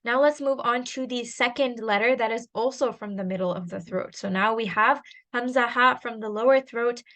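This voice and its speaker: A woman's voice: fairly high pitch, moderate pace, a bit bright. A woman teaching a tajweed lesson, patiently explaining and sounding out letters one by one. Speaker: Quran recitation teacher.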